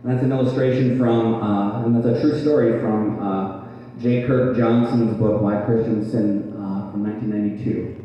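A man's voice: on the low side, fairly even intonation, normal speed, lo-fi sound, a little hiss or hum. A man preaching a sermon and reading a story to his congregation, asking them questions and restarting words as he goes. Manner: conversational, asks the congregation questions. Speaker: pastor. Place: church hall. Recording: echoey hall from far off.

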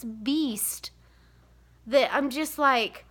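In this laid-back confessional vlog, a thirtysomething vlogger with seven kids opens up to the camera about mom guilt. She wanders through the topic with lots of filler words, her fairly high voice pushed and bright at a moderate pace.

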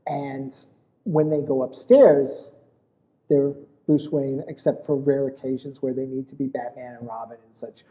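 A man is a guest in a relaxed interview. He wanders through his points, restarting his sentences and filling the gaps with "you know". The sound is muffled and dull, with a long echo trailing off the room. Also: medium pitch, unhurried. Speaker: guest, essay author and podcaster. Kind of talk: casual interview chat.

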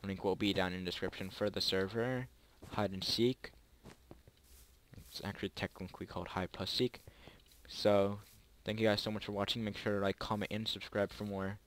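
Young man, gameplay commentary, fairly low voice, excitable and chatty, faint clicking in the background. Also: normal speed, a little hiss or hum. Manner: excitable, yelps and pleads during close calls; rambling, chatty asides to viewers. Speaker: gaming YouTuber.

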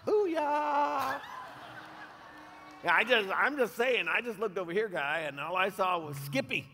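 A man playing the goofy partner in a comedic sermon skit on a conference stage, animated and quick to slip into silly voices. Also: high voice, a little hiss or hum. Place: large conference hall stage. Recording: live hall reverb.

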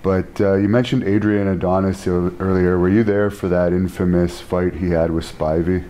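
A man's voice: deep voice, little pitch movement, normal speed, mellow, a little hiss or hum. A man hosting an interview, asking easygoing questions with fillers.

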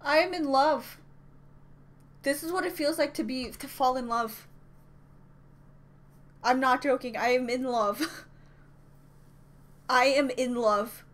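A woman's voice: sits high, slow, long pauses. A young woman filming a reaction video, gushing and flustered, talking herself through it and swearing casually. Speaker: YouTube reactor. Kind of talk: excited reaction vlog.

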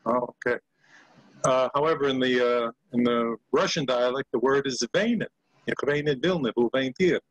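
A man's voice: medium pitch, moderate pace, dry recording, muffled recording. Older man on a video call, hesitant talker. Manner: hesitant, many fillers when talking, lively when singing. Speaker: Yiddish actor and singer, guest. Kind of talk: casual video-call chat with sung comic song.

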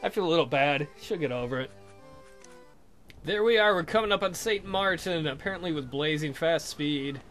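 A man giving crude, loud gameplay commentary, reading in-game dialogue aloud with silly voices. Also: fairly high pitch, animated, moderate pace, soft background music. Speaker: let's play commentator.

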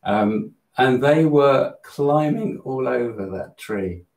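A man telling a spiritual story in a live Q&A, earnest and animated, often restarting his sentences. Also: mid-range voice, slow. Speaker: host of a spiritual channel. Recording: roomy echo.

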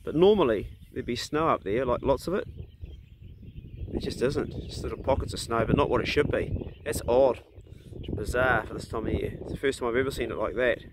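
A man's voice: mid-range voice, a little fast, noisy background. A middle-aged man chatting casually into his phone camera outdoors on a rural property, easygoing and blunt with mild swearing, often talking to his dogs in a raised, coaxing voice. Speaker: hunter and vlogger. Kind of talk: casual vlog chat.

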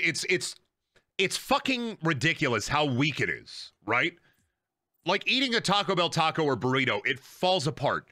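A man's voice: fairly high pitch, dry recording, studio quality. A man chatting and ranting with lots of swearing while streaming a game. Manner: animated, ranting, swears a lot. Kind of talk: casual gaming stream chat.

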